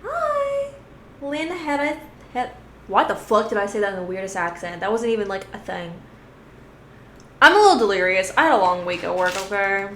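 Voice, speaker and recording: A woman's voice: mid-range voice, quick pace, a bit bright, a little hiss or hum. A woman streamer chatting casually with her viewers, giggly and rambling, swearing freely. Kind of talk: casual live-stream chat. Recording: roomy echo.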